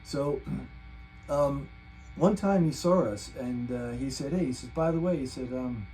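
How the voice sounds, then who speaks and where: A man's voice: mid-range voice, animated, a little slow, dark tone, low-quality recording. An older man hosting his own guitar channel, telling a long rambling story in casual chat with many restarts. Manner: chatty, meandering, full of restarts. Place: home room, guitar nearby.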